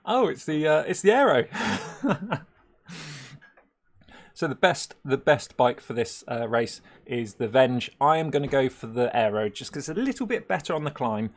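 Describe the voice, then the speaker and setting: A man's voice: medium pitch, sing-song, normal speed. Chatty man live-streaming. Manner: rambling and chatty, laughs often, hesitant fillers. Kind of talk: casual live-stream chat.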